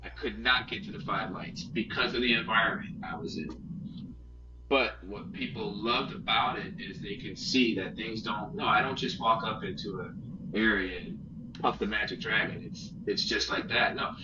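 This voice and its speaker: A man's voice: fairly low pitch, wildly swooping pitch, normal speed. A man talking as a podcast guest, earnest and rambling, often restarting his sentences. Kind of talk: casual interview chat. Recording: roomy, distant, muffled with loud noise.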